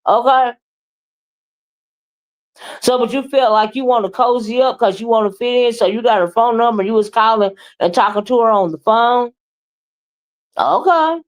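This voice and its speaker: A woman, giving sassy, expressive commentary on a livestream. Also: a little high, moderate pace, long pauses, rough recording.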